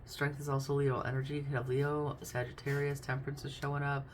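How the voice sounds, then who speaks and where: A woman's voice: very deep voice, monotone, a little fast, very noisy. A woman doing a casual tarot reading, chatty and thinking aloud as she names each card. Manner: chatty, thinks aloud while naming cards. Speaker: tarot reader.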